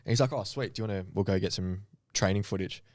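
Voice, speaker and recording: Male podcast host; animated, salty storyteller, low-pitched, dry close mic. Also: fast, no room sound. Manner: animated storyteller, swearing and laughing, acting out quotes. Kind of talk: casual chat.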